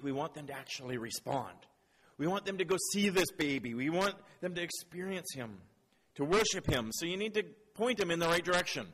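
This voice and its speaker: A man with a somewhat high voice delivers a sermon. He shifts from playful banter with his listeners to earnest reflection. His voice rings out with a long reverb in a church hall. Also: fairly bright tone, breathy edge. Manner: playful, quizzing the audience, then earnest and reflective. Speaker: preacher.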